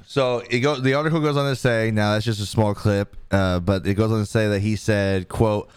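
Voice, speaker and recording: A man with a low, smooth voice hosts a podcast, reading news articles aloud in a casual way. He often stops, says "um" and repeats himself. The sound is dry and close, with no room echo. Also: steady tone, moderate pace. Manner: reads aloud with frequent fillers and restarts. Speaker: podcast host.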